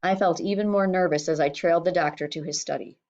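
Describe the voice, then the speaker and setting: A woman's voice: fairly low pitch, steady tone, fast talker, darkish tone, highs cut off. Woman reading a children's novel aloud. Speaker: audiobook reader.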